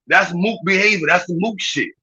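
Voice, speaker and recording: A man's voice: sits high, normal speed, pushed and bright, slightly rough, rough recording. A man from Brooklyn with a New York accent, hosting a livestream and ranting in a mocking, profane way with bursts of laughter. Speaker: livestream host. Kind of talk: livestream rant.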